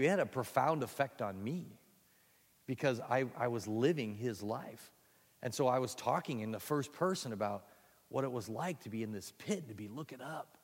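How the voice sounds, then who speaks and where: A man giving a conversational teaching talk on storytelling for children's ministry, animated, with frequent restarts and asides. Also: medium pitch, slightly rough, in a large hall.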